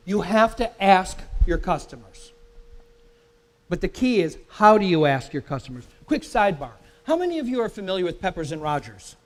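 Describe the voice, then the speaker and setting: A man's voice: high voice, lively intonation, moderate pace. A man giving a live marketing workshop, talking emphatically, often repeating words and quizzing the audience with questions. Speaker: workshop presenter. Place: live event in a company facility.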